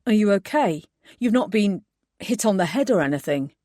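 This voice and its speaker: A worried young man, as a woman narrator puts him on, pressing anxious questions at his partner in an audiobook. His voice sits low and mellow, recorded dry and close with no room around it. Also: animated, moderate pace, no room sound, close to an everyday voice. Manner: pleading, exasperated questioning. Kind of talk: audiobook dialogue.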